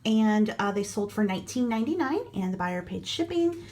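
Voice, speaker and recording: A woman's voice: medium pitch, sing-song, brisk, darkish tone. A middle-aged woman from Iowa, talking casually and frankly through her online resale sales at home. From Iowa, USA. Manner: chatty, frank, matter-of-fact about prices. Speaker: online reseller vlogger. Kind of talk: casual vlog narration.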